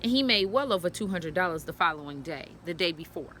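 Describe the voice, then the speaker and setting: A woman with a fairly low, sharp-toned voice talks fast and with lively intonation, telling her story to the camera. She's blunt and profane, urging other women directly in this candid vlog. Slight background noise is present.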